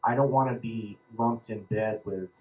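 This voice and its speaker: A low-voiced man in his fifties from Southern California gives a plain personal account, stopping often with ums and restarts. A faint hum of room noise sits behind him. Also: phone-quality sound. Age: 50s. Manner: halting, with many ums and restarts. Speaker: panel speaker.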